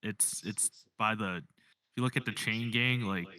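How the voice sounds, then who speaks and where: A man's voice: lowish voice, moderate pace, bright, forceful tone, dry recording. A man on a casual sports podcast, explaining earnestly and stumbling over his words. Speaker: podcast co-host. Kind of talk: casual chat.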